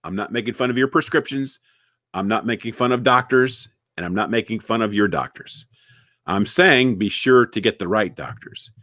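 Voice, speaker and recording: A man giving a casual comedic monologue, jokey and animated, repeating words and chatting with his viewers. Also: lowish voice, moderate pace, no echo, studio quality. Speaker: inspirational online comedian.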